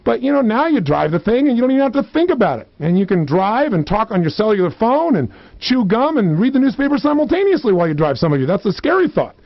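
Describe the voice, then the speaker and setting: A man, a motivational speaker, teaching a self-help lesson with lots of energy and acting out people's voices with big swings in pitch. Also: very animated, fast, gravelly, few pauses, dry recording. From United States. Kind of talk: recorded self-help seminar. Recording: dull lo-fi audio, dry.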